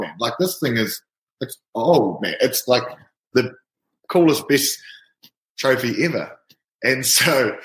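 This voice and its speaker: A man's voice: mid-range voice, fairly bright tone, reverberant, poor audio. A man, a rugby player telling an anecdote casually and animatedly, often breaking into laughter. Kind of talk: casual storytelling.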